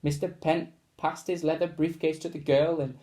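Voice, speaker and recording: A man reading a children's storybook aloud in a lively way, adding sound effects as he goes. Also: on the high side, normal speed.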